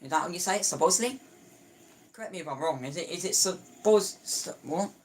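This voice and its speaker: A man's voice: on the high side, fast talker, a little hiss or hum. Chatty man commentating a football match live. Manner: chatty and opinionated, with frequent restarts and stumbles. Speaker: football watchalong streamer.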